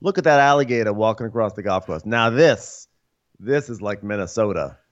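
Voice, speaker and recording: A man's voice: lowish voice, animated, a little fast, muffled recording, lightly acted. A man voicing a grumbling, sarcastic husband in a put-on Northeastern US accent. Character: grumbling middle-aged husband house hunting.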